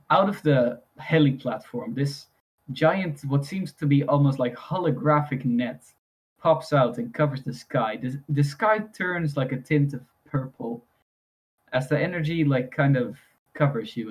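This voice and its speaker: Man improvising as game master. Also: medium pitch. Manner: rambling, improvised description with fillers. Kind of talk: narrating a tabletop game.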